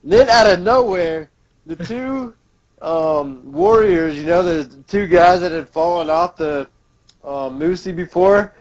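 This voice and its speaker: Man, podcast co-host, animated retelling, high voice, lo-fi sound. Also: a little slow. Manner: animated, jumps into shouty character lines. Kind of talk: casual podcast chat, acting out comic lines. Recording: lo-fi dull audio.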